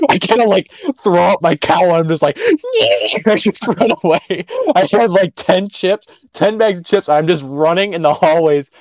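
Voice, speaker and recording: A young man co-hosting a podcast, telling a school story in casual chat, animated and laughing. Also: a little high, dry recording. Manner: animated, laughing, swings loud and quiet. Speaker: podcast co-host.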